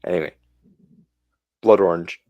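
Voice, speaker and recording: A man's voice: low voice, a little slow, no room sound, highs cut off. A man co-hosting a podcast in casual chat, with a sardonic, mock-threatening manner. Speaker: podcast co-host.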